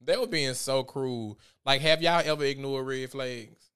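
Animated, profane man vlogging. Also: medium pitch, a little slow, clear, resonant tone. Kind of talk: casual commentary.

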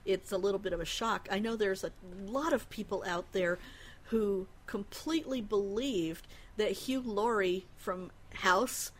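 A woman's voice: mid-range voice, unhurried. A woman from Denver co-hosting a casual podcast chat, giggly and chatty with some hesitant fillers. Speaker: podcast co-host.

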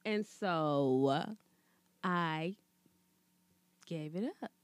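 A woman co-hosting a casual chat, telling stories animatedly and often breaking into high laughter. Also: drawn-out words, clear, resonant tone, dry recording.

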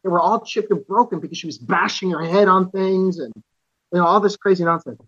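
Male podcast guest from Canada, slightly high voice, earnest personal storyteller, dry and somewhat muffled sound. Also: brisk, a bit bright, husky, no echo. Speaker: podcast guest, author and musician.

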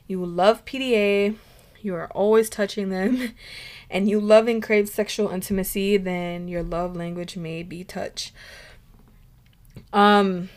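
A young woman hosting her own podcast, chatting casually with lots of "like" and the odd swear word, laughing between points. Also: medium pitch. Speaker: podcast host. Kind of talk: casual solo podcast chat.

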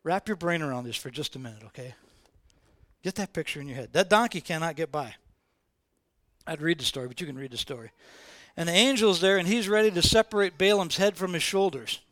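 A man preaching a sermon as informal, animated storytelling, repeating phrases for emphasis. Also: on the high side, a little fast, pauses often, dry recording. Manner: animated, repetitive, colloquial storytelling.

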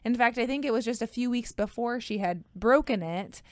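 Smooth-voiced woman co-hosting a running podcast. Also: fairly high pitch, a little fast, darkish tone, no room sound, studio quality. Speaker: podcast co-host. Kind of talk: casual news chat.

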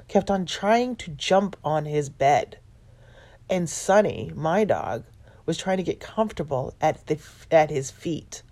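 A middle-aged woman telling a personal story in a halting, self-correcting way. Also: low-pitched, creaky, a little mellow. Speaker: vlogger.

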